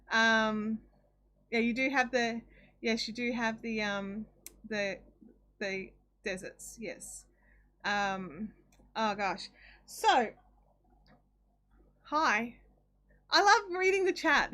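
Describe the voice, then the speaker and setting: Australian woman, live craft stream host, casual rambling chat at a home desk mic, voice pitched a touch high. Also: a bit bright. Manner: chatty and rambling, with frequent ums and self-corrections. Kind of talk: casual chat, reading viewer comments aloud.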